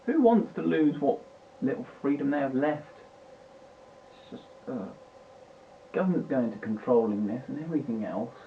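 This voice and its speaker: A man's voice: medium pitch, expressive, normal speed, long pauses. A British man ranting and swearing in a rambling, agitated way, recorded at home at his computer. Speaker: vlogger. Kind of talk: unscripted political rant. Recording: tinny lo-fi mic with faint hiss.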